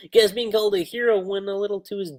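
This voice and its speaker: A man's voice: sits high, voice pushed up, lightly acted. A man reading the lines of a boisterous old male navy hero, laughing at a young recruit.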